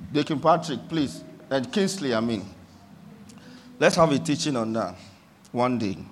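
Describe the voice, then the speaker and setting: A man preaching a sermon, swinging between quiet reflection and fervent shouts. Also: on the high side, a little hiss or hum.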